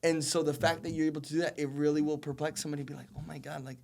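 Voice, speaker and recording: A man's voice: fairly high pitch, little pitch movement, racing, a little mellow, slight background noise. Earnest young man, emphatic repetition. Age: 20s. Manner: earnest and emphatic, repeats phrases for stress. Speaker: podcast guest, college soccer player. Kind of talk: casual podcast conversation.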